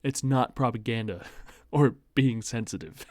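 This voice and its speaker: A man's voice: medium pitch, a little slow, a little mellow, no room sound. A young American man reads an online post aloud and breaks in with sarcastic, mocking asides in a casual commentary. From United States. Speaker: host reading online posts.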